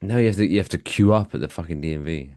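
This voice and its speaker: An English man in his forties, co-hosting a podcast in casual, profane, animated chat. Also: deep voice, racing, no room sound, clean studio sound. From England. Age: 40s. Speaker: podcast co-host.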